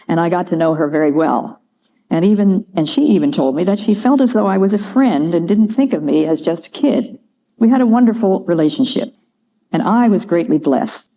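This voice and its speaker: An older woman giving a devotional talk, telling stories in a measured, earnest way. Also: sits low. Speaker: Christian speaker. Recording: dull lo-fi recording.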